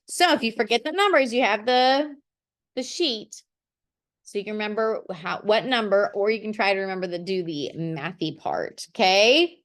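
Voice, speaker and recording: A little high and fairly bright in tone, this middle-aged woman's voice carries a poetry lesson delivered as in a classroom. She writes while thinking aloud, encouraging her listeners and saying "okay" often to check in.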